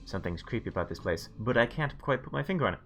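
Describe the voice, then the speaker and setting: A man's voice: medium pitch, animated, very fast, a bit bright, faint music behind. A man streaming a video game, reading its narration aloud with relish and making playful comments. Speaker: let's play streamer.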